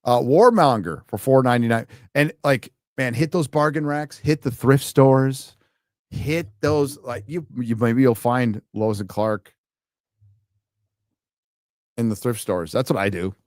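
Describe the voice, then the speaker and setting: A man's voice: mid-range voice, a little slow, a little mellow, dry recording, clean studio sound. A man hosting a live stream, ranting in sarcastic, profane, combative commentary.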